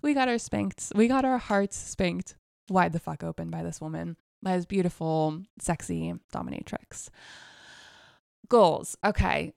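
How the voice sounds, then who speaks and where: Gravelly low-voiced woman telling a frank story. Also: unhurried, darkish tone, no echo, clean studio sound. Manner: frank, swears freely, laughs between phrases. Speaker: podcast host telling a personal story. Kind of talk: candid confessional storytelling.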